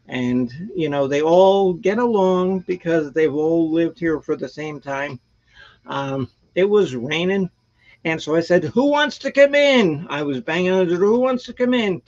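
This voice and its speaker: A man hosting a live stream, talking in a rambling, animated way and laughing often. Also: on the high side, dull audio. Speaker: host of a live music stream. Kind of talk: casual chat.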